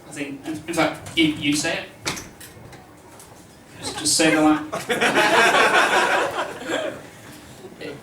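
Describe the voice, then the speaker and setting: Comic stammering through a roomy live set. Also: male voice, a little high. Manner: rambling, hesitant, full of stammered restarts and deadpan asides. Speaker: stand-up comedian. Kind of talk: stand-up comedy routine. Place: comedy club stage with a live audience. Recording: roomy live club recording from a distance, noisy.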